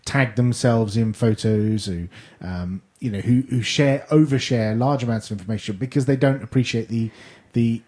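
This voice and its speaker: A man on a tech podcast panel, talking in a measured, thoughtful, slightly halting way. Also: mid-range voice, darkish tone. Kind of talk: casual tech discussion.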